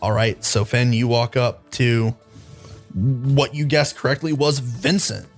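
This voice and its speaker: A man's voice: mid-range voice, fairly even intonation, unhurried, soft background music. A man narrating a tabletop game as dungeon master, in a casual, loose way with many fillers.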